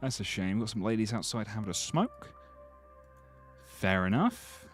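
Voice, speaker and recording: A man's voice: lowish voice, normal speed, faint music behind. A man chatting casually on a live stream, joking with his chat as he looks through game screenshots. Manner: chatty, jokey, lively.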